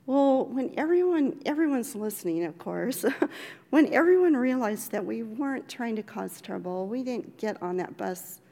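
An older woman from Oregon telling a personal memoir story in a gentle, reflective way, with light laughs. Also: on the high side, lively intonation, normal speed, gravelly, long reverb tail. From Oregon, USA.

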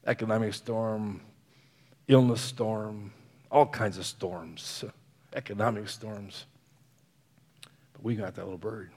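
A man's voice: on the low side, a little mellow, big-room sound. A man preaching a sermon, earnest, often letting phrases fall to a near whisper and chuckling between points.

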